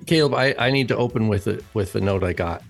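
Gravelly low-voiced man explaining. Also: quick pace, soft background music. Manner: explanatory, enthusiastic, repeats words for emphasis. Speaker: podcast co-host, teacher. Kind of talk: casual podcast chat.

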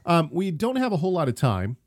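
A man's voice: a little high, wildly swooping pitch, fast talker, dry recording, clean studio sound. A man co-hosting a theology podcast, reading listener questions in a casual, hesitant way with frequent ums and restarts. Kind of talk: casual chat about theology.

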